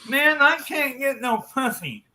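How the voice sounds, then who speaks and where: A man's voice: very high voice, lively intonation, measured pace, sharp tone, slight background noise, voice pushed up, full character voice. A man voicing a dim male bar buddy with a nasal, slurred voice who stammers. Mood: whiny.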